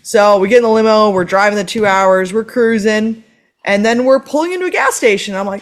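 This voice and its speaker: A woman's voice: medium pitch, a little fast. Exasperated woman telling a story. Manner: animated, exasperated, swears a lot. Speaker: podcast co-host. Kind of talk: casual storytelling chat.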